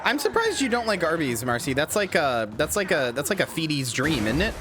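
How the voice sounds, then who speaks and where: A man's voice: fairly high pitch, wildly swooping pitch, brisk. A man chatting casually to his live-stream viewers while he plays a game, rambling, swearing freely and laughing at himself.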